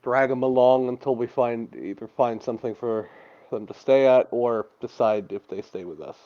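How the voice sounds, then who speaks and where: A man's voice: medium pitch, moderate pace. A man playing his character in a tabletop role-play game, blunt and exasperated. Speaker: player. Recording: dull lo-fi stream audio.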